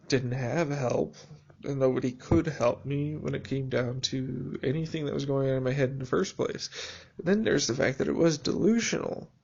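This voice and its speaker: A man speaking a reflective, halting personal video journal monologue, with restarts and dry sarcasm. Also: mid-range voice, gravelly, lo-fi sound.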